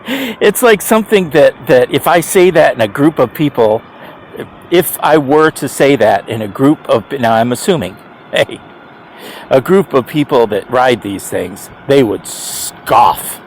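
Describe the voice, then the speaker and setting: A man's voice: mid-range voice, animated, a little slow, a little hiss or hum. A man over fifty rambling casually to camera, chuckling often and restarting his sentences with emphatic repeats. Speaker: e-bike rider vlogger.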